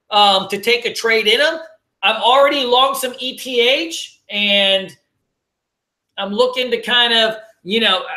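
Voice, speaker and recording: A man's voice: high-pitched, sharp tone, reverberant. A man hosting a casual trading livestream, joking, slangy and swearing as he answers viewers. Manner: laid-back, joking, slangy, swears and laughs often.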